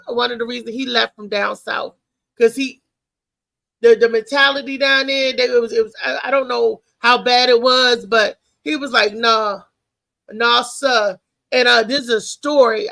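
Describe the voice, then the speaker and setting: A high-voiced woman hosts a live talk show. Her tone is gravelly and sharp. She comes across animated and excitable as she talks to her listeners and tells her stories. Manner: animated, loud and excitable, telling family stories. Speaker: host. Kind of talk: casual live-show monologue.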